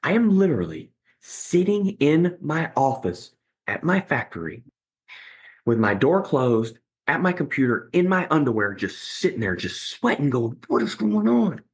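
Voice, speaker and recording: Speaking unhurriedly in a mid-range, slightly rough voice, a middle-aged podcast guest recounts a personal story in conversation. He's animated and performs what others said.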